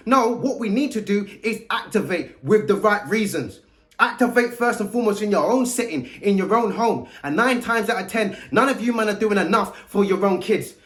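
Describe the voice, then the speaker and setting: A man's voice: high voice, a bit bright. A man, a youth mentor giving a blunt, preachy monologue full of street slang. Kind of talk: direct-to-camera monologue.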